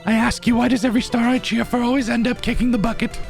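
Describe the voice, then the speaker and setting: A man's voice: extremely high pitch, flat delivery, quick pace, gravelly, faint music behind, pitched above the performer's own voice. A man voicing a vain, pushy old woman who scolds and rambles, for a game playthrough. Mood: haughty, rambling.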